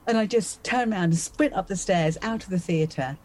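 This podcast guest, a female magician in her fifties, uses a lowish, slightly mellow voice at normal speed. She tells a personal story vividly in conversation, acting out what she was thinking, and the recording quality is low.

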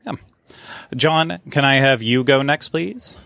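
A man's voice: medium pitch, slow, creaky, pushed and bright, no echo. Dry-sounding male podcast host moderating. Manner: short, moderating turns. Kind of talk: casual chat.

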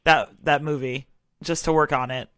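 High-voiced guy cohost, bright tone, cracks crude jokes. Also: steady tone, moderate pace, clear, resonant tone, no echo. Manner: joking, crude asides. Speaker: podcast co-host. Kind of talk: casual podcast chat.

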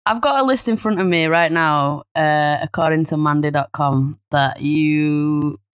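A woman's voice: deep voice, unhurried, smooth, dry recording. A woman hosting a podcast, chatting casually and asking questions with a few hesitations. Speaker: podcast host. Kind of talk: casual chat.

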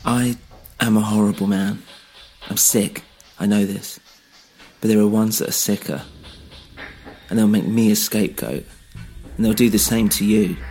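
A man voicing a frightened, injured middle-aged man with a German accent, speaking in halting, desperate bursts in a spoken-word story. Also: lowish voice, fairly even intonation, a little mellow, soft background music, lightly acted. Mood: pleading.

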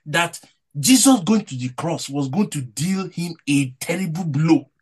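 A man's voice: fairly high pitch, expressive, a little slow, husky. A man preaching a devotional sermon with emphatic delivery, his voice rising and falling between points.

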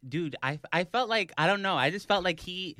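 A young man on a podcast, telling an animated story in casual chat, full of fillers. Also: high-pitched, normal speed, dry recording, clean studio sound. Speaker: podcast host.

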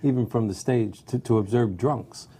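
A man's voice: mid-range voice, normal speed, mellow, slightly rough. A man hosting a casual chat, responding to his guest in an encouraging way. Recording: crowd audible behind him.

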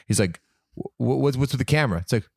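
Giggly man with a lively, bouncing pitch. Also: fairly quick, creaky, breathy edge, no room sound, clean studio sound. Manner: giggly, eager questioner who mimics voices. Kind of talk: casual chat.

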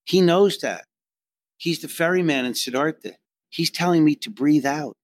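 A middle-aged man telling a story in casual chat, animated and self-mocking, acting out what others said. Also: a little high, moderate pace, no room sound, studio quality. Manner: animated, swearing, self-mocking, acts out quotes. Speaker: podcast guest telling a story.

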